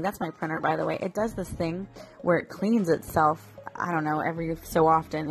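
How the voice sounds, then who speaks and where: A woman in her thirties telling a personal family story to her viewers, emotional and rambling, full of fillers and restarts. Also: lowish voice. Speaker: mother vlogger.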